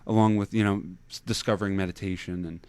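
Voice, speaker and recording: A young man guest in a casual interview, talking haltingly, repeating words and laughing easily. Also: on the low side, steady tone, darkish tone, smooth, dry recording. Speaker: podcast guest.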